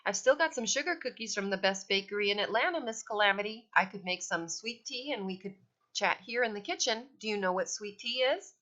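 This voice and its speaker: A woman's voice: mid-range voice, lively intonation, fairly quick, bright, forceful tone, voice pushed up. A woman voicing a gushing Southern mother with a chirpy hostess manner, in a dull lo-fi recording. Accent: Southern US, put on.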